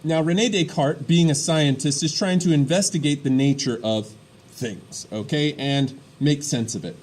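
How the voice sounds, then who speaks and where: A man teaching a history lesson, explaining step by step and often checking in with quick "all right?" and "okay?" asides. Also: a little high, a little mellow. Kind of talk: classroom lecture.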